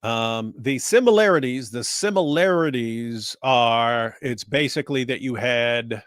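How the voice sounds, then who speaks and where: A man co-hosting a live-stream, explaining points in a casual, lively way. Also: medium pitch, a little slow, dry recording, studio quality. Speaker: co-host.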